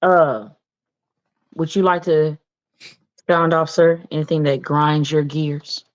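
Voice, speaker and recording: A woman's voice: sits low, steady tone, slow, lo-fi sound. A woman hosting a casual podcast, hesitant and full of fillers. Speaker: podcast host. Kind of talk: casual chat.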